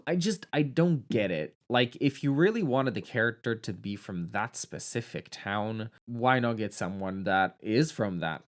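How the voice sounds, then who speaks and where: A man's voice: fairly low pitch, animated, measured pace, few pauses. A man giving a casual, sarcastic film review, swearing freely and laughing along.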